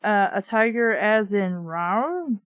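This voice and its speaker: A woman's voice: medium pitch, a little slow, no echo, rough recording. A woman reviewing a book by reading it aloud, breaking off for wry, sarcastic asides. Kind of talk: reading aloud with comic commentary.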